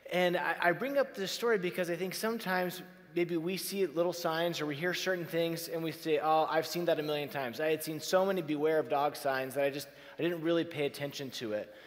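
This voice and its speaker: A man tells a story to a live audience, his voice sitting a little high as he acts out each exchange. Long reverb from a large hall trails behind every word. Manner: animated, acts out dialogue in a story. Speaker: inspirational speaker.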